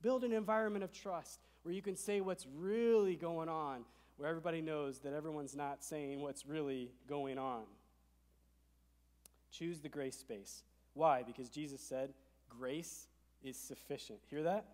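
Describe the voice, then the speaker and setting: A man's voice: on the high side, fairly even intonation, moderate pace, hardly any pauses. Emphatic male pastor preaching in a reverberant hall. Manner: emphatic, swings between soft and loud. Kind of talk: sermon. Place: church sanctuary.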